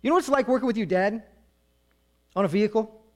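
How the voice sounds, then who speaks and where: A middle-aged male pastor preaching a sermon in a conversational way, with humor and quick acted-out asides. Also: sits high.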